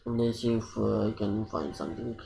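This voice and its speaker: A man giving casual gameplay commentary, hesitant and thinking aloud with many pauses. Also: fairly low pitch, vocal fry, warm tone, a little hiss or hum. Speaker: gaming streamer.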